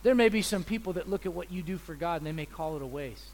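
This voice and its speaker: A visiting preacher, a man giving a sermon in an animated, joking way, acting out little scenes. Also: very high-pitched, a little fast, few pauses. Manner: animated, joking, acts out voices.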